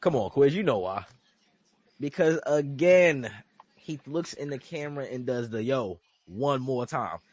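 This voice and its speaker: Husky dude hosting a wrestling pod, voice jumps all over when he quotes folks. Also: mid-range voice, moderate pace, dry recording. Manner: animated storytelling, acts out quotes, swears. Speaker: podcast host. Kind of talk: casual wrestling recap chat.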